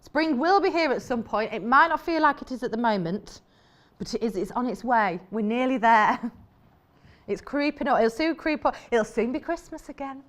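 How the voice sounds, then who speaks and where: A woman's voice: fairly high pitch, normal speed. A woman presenting live on a shopping channel in a TV studio, chatty and enthusiastic, rambling as she shows fabrics.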